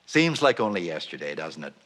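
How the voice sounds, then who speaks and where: Lowish guy narrating mock doc, dead serious tone, lively pitch, faint music. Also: brisk. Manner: mock-serious documentary delivery. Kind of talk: scripted narration.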